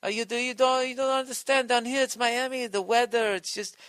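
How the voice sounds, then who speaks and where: A man's voice: very high-pitched, steady tone, fairly quick, fairly bright tone, clear, resonant tone, no room sound, pitched above the performer's own voice. A man voicing a defensive Miami local woman in a whiny, protesting way.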